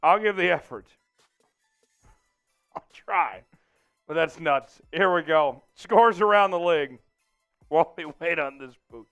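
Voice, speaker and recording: A man hosting a casual sports livestream, reading out viewer donations, excitable and laughing often. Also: a little high, takes it slowly, long pauses, clear, resonant tone, soft background music. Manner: excitable, reads out super chats, laughs often. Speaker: livestream host.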